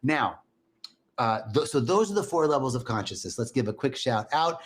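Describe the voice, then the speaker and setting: Male spiritual teacher, mid-pitched, chatty and animated, live-stream talk. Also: normal speed. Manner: animated, conversational, greets viewers by name.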